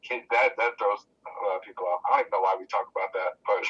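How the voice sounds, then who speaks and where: A young man co-hosting a casual podcast, full of joking banter and quick laughs. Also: low-pitched, steady tone, breathy edge, recorded from a distance, highs cut off. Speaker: podcast co-host. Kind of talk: casual chat.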